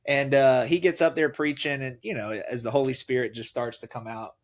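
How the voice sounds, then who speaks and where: Animated man telling his story. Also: medium pitch, fairly quick. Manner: animated, acts out quoted voices. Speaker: podcast guest. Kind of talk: casual storytelling conversation.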